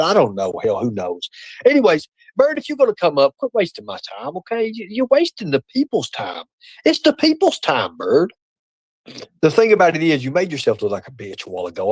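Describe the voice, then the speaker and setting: Talking to his chat and a guest on a casual livestream, this host swears as he taunts and mocks, muttering low and then bursting out high and excited. His streaming setup gives a rough recording with no echo.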